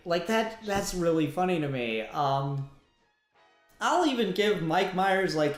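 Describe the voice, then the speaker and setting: A laid-back podcast co-host chats loosely about a film, swearing freely. The voice sits mid-pitch and sounds roomy, with audible echo. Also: slow pace, soft background music. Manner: relaxed, swears casually. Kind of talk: casual film discussion.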